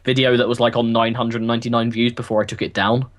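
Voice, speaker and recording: A man's voice: medium pitch, little pitch movement, quick pace. A teenage boy, co-hosting a casual podcast and rambling with lots of fillers. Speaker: podcast co-host. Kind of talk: casual chat.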